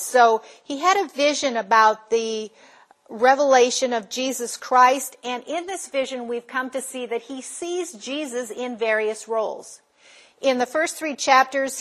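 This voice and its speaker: A woman teaching a Bible study, retelling the story in a lively way and posing questions to the class that she then answers herself. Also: a little high.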